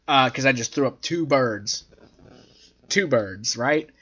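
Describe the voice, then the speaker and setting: A man's voice: mid-range voice, slow pace, pushed and bright, slightly rough, highs cut off. A man casually reviewing a wrestling show in a profane, exasperated rant.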